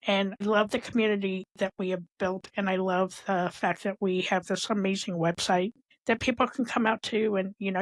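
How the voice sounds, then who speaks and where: A woman co-hosting a heartfelt podcast conversation. She speaks at a middle pitch in a sincere, appreciative way, with a few fillers between her thoughts. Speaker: podcast co-host.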